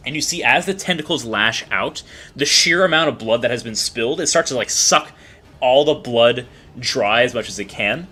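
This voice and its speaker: Lively game master narrating. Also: male voice, mid-range voice, husky. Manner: animated, halting narration with many fillers.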